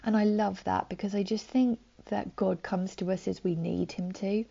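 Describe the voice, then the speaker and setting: A woman giving a gentle, conversational sermon, soft-spoken with frequent likes and ums, on a dull lo-fi recording. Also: medium pitch, steady tone, normal speed, vocal fry. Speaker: preacher.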